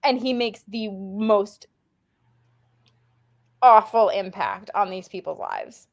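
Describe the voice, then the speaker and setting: A woman talking casually on a podcast about a film, blunt and animated, swearing freely. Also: medium pitch, slow. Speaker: podcast co-host reviewing a film.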